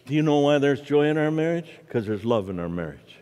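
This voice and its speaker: A man's voice: on the high side, fairly quick, clean tone. A middle-aged man preaching a humorous sermon in a church, telling stories and joking with the audience. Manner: storytelling, animated, jokes with the audience. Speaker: guest preacher. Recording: church hall reverb.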